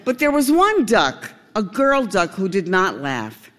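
A man narrating a storybook tale in a gentle, unhurried way. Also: high voice, huge pitch swings, long reverb tail.

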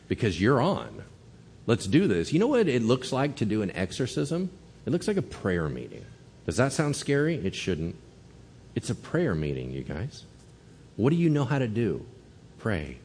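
A man's voice: on the low side, big-room sound. A man preaching a sermon as pastor, telling stories animatedly and acting out the lines people said. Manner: animated storytelling, acting out quotes.

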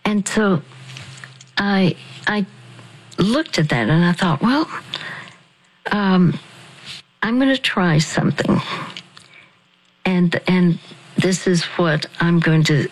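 A woman hosting a radio ministry program, teaching a devotional practice in a slow, halting way with frequent restarts. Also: lowish voice, animated, poor audio.

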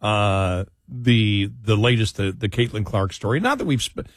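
A man's voice: fairly low pitch, normal speed, no echo, clean studio sound. A man hosting a talk radio show, chatting casually and rambling with frequent restarts and fillers.

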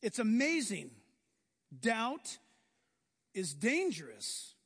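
A man preaching a sermon in an animated way, acting out scenes from the reading. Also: sits high, very slow, breathy edge, in a large hall. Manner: animated, acts out biblical scenes in voices.

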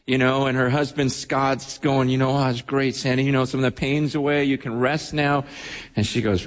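A man's voice: mid-range voice, level tone, moderate pace. A man preaching a sermon as pastor, telling stories with emotion and frequent restarts. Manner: storytelling, emotional, many restarts. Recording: long hall reverb.

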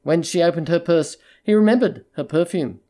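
An audiobook narrator reading a literary short story in a measured, even storytelling voice. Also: mid-range voice.

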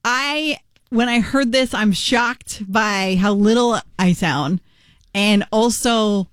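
A woman's voice: on the high side, slow pace, no echo, clean studio sound. A woman co-hosting a morning radio show in casual chat, talking in an emphatic way with lots of fillers. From New York. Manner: chatty, filler-heavy, emphatic. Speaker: radio co-host. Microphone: studio microphone.

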